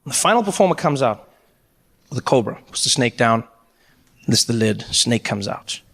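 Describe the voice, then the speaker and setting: A man telling a story in a stand-up comedy set, animated and acting out each character. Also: mid-range voice, normal speed, in a large hall. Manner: animated, acts out every character.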